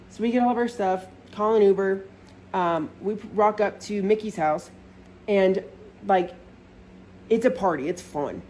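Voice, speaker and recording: A woman's voice: medium pitch, quick pace, dark tone, a little hiss or hum. Young woman spilling the tea, swears a ton, says like every other word. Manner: chatty, swears a lot, full of "like" fillers. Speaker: storyteller. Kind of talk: casual storytime vlog.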